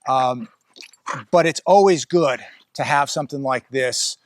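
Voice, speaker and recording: A man's voice: a little high, normal speed, no echo, studio quality. A man vlogging outdoors on a rural ranch, rambling bluntly and breaking off to scold his dog. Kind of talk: casual outdoor commentary. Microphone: phone or camera he adjusts himself.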